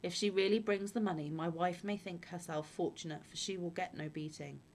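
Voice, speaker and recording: A woman's voice: fairly low pitch, steady tone, fairly quick, a little mellow, a little hiss or hum, close to an everyday voice. A woman voicing a scheming, smug peasant man in a fairy-tale reading. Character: sly, scheming male peasant, middle-aged.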